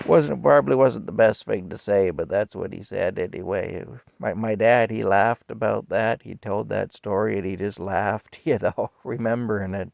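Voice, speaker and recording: Folksy rambling male storyteller, low voice. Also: normal speed, vocal fry, darkish tone, no room sound. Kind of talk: casual family storytelling. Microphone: camera mic.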